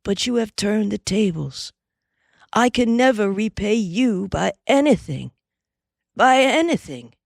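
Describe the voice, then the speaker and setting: A grave, gentle young cowpuncher, read by a woman in plain folksy Western speech. He speaks slowly and earnestly, without hurry. The sound is dry and close. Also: deep voice, expressive, creaky, breathy edge, no room sound, heavily acted.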